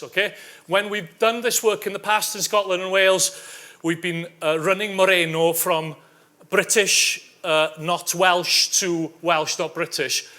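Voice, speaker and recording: A man with a high, bright voice gives an academic conference talk, walking listeners through survey figures. He keeps checking in with a quick "okay?" and drops dry, wry asides along the way.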